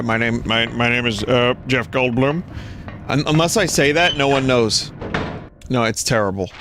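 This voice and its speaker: A man's voice: mid-range voice, background noise. A man streaming a game, chatting casually and rambling between jokes, swearing now and then. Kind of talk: casual gameplay commentary. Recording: game music behind the voice. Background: game music.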